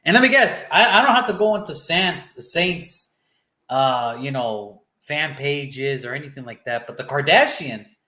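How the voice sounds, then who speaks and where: A man's voice: a little high, animated, normal speed, pushed and bright. A man hosting a casual sports talk show, chatty and teasing, often repeating his phrases.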